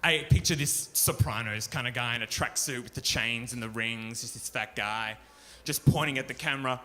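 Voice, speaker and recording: A man's voice: mid-range voice, normal speed, few pauses, pushed and bright. A man doing a crude, ranting stand-up routine at a pub show, swearing freely. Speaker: stand-up comedian. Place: pub stage, live show.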